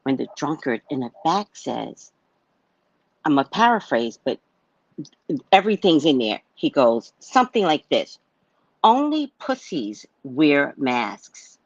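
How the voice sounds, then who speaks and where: A woman's voice: rumbling low, sing-song, measured pace, pauses often, breathy edge, no echo, dull audio. A woman telling a personal story in a casual monologue, blunt and swearing freely as she acts out a heated argument. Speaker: psychic reader sharing a personal story.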